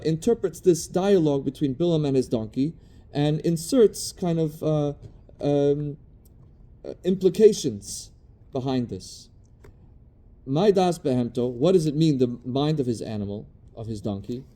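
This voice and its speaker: A man gives a Talmud study lecture in a very mellow, dark voice that sits a bit high. He reads Hebrew and Aramaic phrases and translates each one, pausing thoughtfully as he hunts for his words. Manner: thoughtful, searching for words mid-sentence. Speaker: Torah teacher.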